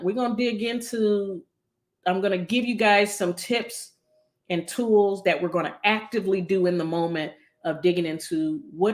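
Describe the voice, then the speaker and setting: A woman psychologist talking casually on a live stream, chatty and long-winded, with many fillers and an upbeat, encouraging manner. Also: on the low side.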